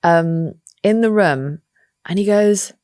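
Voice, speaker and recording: A woman, telling an animated anecdote as an interview guest, swearing freely and acting out voices. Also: low voice, moderate pace, no room sound, studio quality. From England. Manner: lively storyteller, swears freely, acts out voices. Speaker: actress guest.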